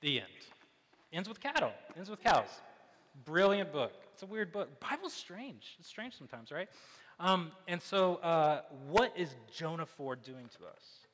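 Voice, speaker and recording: A man in his thirties delivers an animated sermon, slipping into the voices of the people in his story. His voice sits a little high and rings bright. It echoes through a large hall with a long tail of reverb. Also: a little slow. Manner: animated storytelling, acts out quotes. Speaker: pastor.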